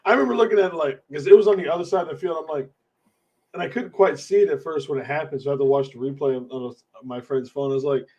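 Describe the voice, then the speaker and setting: A man co-hosting a casual sports fan podcast, laid-back and quick to laugh. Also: on the high side, animated, mellow, dull audio. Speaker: podcast co-host.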